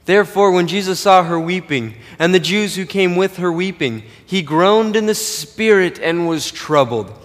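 A man's voice: expressive, normal speed. Preaching man in an echoing hall. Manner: swings from loud emphatic peaks to quiet low asides. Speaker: pastor. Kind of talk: sermon.

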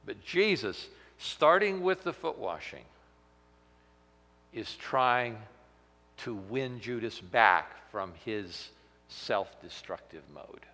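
A man teaching through a Bible passage as a pastor, animated and acting out the quotes with sudden loud emphasis. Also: mid-range voice, takes it slowly. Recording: long hall reverb.

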